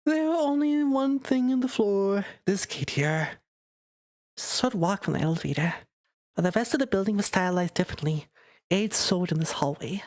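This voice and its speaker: A woman's voice: medium pitch, expressive, normal speed, a little mellow. A woman streamer reading a dating game aloud live, chatty and giggly, voicing the narration and lines.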